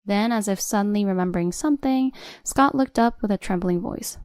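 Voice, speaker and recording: A woman narrating a first-person revenge drama story in a steady, cold storytelling voice. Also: medium pitch, brisk, clear, resonant tone, dry recording, clean studio sound.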